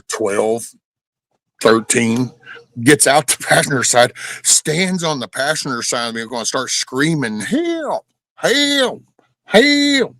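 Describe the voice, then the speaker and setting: A man's voice: mid-range voice, fairly bright tone, no echo, rough recording. A man hosting a casual live stream, rambling through stories and chatting with viewers. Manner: rambling storytelling, talks to chat. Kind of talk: casual chat reading viewer comments.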